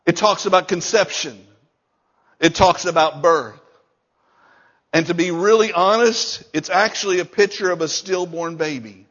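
A man's voice: high voice, unhurried, fairly bright tone, highs cut off. A male pastor preaching a sermon, emphatic and repeating key lines, chuckling between points.

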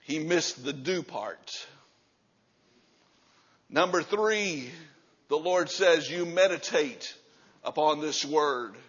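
A man preaching a sermon as pastor, moving from low, quiet passages up to loud, shouting stretches. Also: animated, slow, pauses often, slightly rough, dull audio.

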